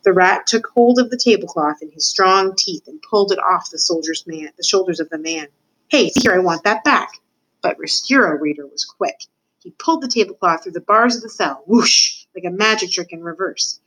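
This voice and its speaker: A woman student reading a children's novel aloud, narrating with expressive voices for the characters. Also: fairly low pitch, a little fast, poor audio. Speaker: student reader.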